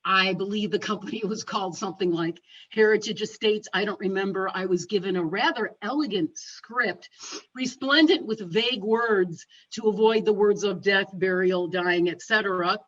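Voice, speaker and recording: Woman, humorous storytelling speech, acts out dialogue, husky voice, dull lo-fi video call sound. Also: mid-range voice, moderate pace, a bit bright. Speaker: speaker at a speaking club. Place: home, over a video call.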